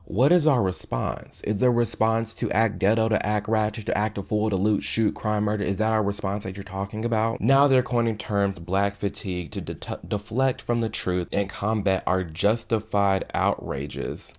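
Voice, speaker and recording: Man, very deep voice, measured, exasperated, commentary video, reads posts aloud.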